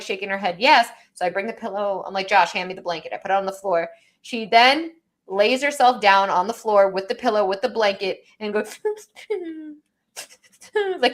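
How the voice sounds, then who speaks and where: Chatty young mom telling a story. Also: female voice, fairly high pitch, fairly bright tone. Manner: storytelling, quoting her toddler with lots of "like". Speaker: podcast co-host. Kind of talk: casual chat.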